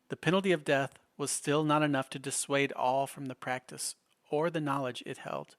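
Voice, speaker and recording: A man's voice: medium pitch, steady tone, a bit bright. Man narrating over faint guitar. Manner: measured, musing, slightly ominous narration. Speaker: podcast host. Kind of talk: scripted narration.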